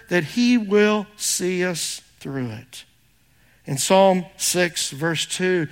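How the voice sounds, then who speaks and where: A middle-aged pastor gives a sermon in a high, earnest voice. He moves between personal stories and slow readings of scripture, and drops softer at times.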